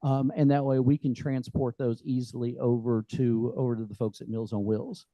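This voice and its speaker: A man's voice: medium pitch, level tone, moderate pace, warm tone, dry recording, poor audio. Upbeat man hosting a meeting. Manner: upbeat, joking, folksy with many fillers. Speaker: meeting host. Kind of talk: casual address to a meeting. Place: meeting room.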